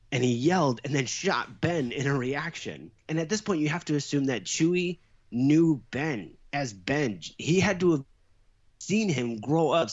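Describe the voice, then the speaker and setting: A middle-aged man in a casual chat, an animated storyteller who also answers quickly as a listener. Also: medium pitch. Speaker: podcast co-host. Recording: slightly dull, lo-fi sound.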